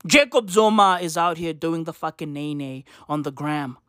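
A South African man with a slightly high, clean voice delivers a profane, exasperated comedic rant packed with slang. He's animated and laughs often, speaking at a normal pace in a studio-quality recording with no room sound.

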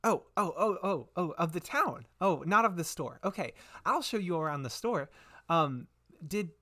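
Guy doing a squeaky little shop girl, bubbly, trips over her words. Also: animated, moderate pace, bright, forceful tone. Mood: flustered chirpy. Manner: stammering, bubbly. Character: small cheerful girl shopkeeper, nervous and eager.

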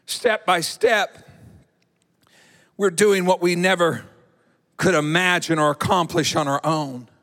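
A man preaching a sermon in an animated, dramatic way. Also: high voice, slow, pauses often. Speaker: pastor. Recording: echoey hall.

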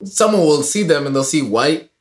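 A man's voice: a little high, animated, moderate pace. Joking man with frequent yeahs, echoey. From Ireland. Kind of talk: casual chat. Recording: echoey room.

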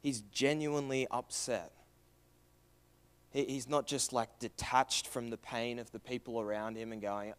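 A young man delivering a sermon with an earnest, searching tone. He asks question after question, then lets his voice drop low and soft for the tender parts. His pitch sits in a plain middle range for a man. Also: fairly even intonation, measured pace, clean tone. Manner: earnest, questioning, swings from loud to hushed. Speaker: preacher.

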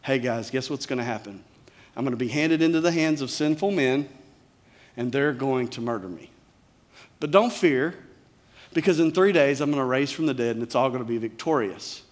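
A male preacher voicing a calm adult male teacher who casually warns his friends of what is coming. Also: medium pitch, normal speed, lightly acted. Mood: reassuring.

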